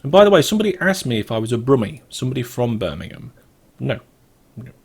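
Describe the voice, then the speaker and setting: A man's voice: medium pitch, big pitch swings, fast talker, gravelly, slightly rough. A British man hosting a let's play, giving casual gameplay commentary as he thinks aloud in a wandering, chatty way.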